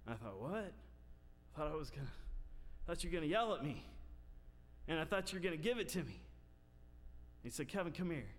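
A pastor preaching a sermon, telling a personal story that builds into loud, emphatic preaching. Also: male voice, on the high side, big pitch swings, moderate pace, long pauses. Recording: long reverb of a large hall.

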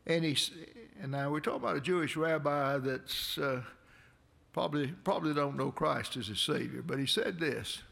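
Gravelly pastor preaching folksy. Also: male voice, on the high side, normal speed, a bit bright. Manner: rambling, conversational, chuckling. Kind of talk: folksy sermon with asides. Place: church sanctuary.

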